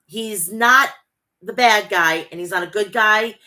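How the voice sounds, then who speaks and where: A woman's voice: mid-range voice, a little slow, bright, forceful tone. A young woman with a Long Island accent hosting a casual wrestling chat, blunt and brash, often laughing. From Long Island, New York. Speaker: wrestling podcast host. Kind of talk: casual livestream chat reading wrestling promos.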